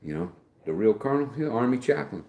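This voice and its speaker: A man's voice: mid-range voice, very animated, quick pace, warm tone. A middle-aged man hosting a casual livestream from home, rambling in a folksy way as he reads viewer comments aloud. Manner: rambling, folksy, trails off and restarts. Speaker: livestream host. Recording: echoey room.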